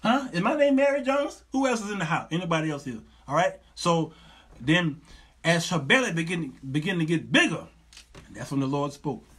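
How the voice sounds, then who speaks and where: A middle-aged man hosting a talk show, giving sermon-like advice in an animated, joking, preacherly manner with lots of repetition. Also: a little high, moderate pace, slight background noise.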